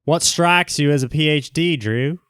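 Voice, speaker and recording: A man's voice: on the high side, normal speed, fairly bright tone, clear, resonant tone, dry recording, studio quality. A man hosting a casual livestream, reading the chat aloud and answering in a brash, teasing, joking way. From Southern California.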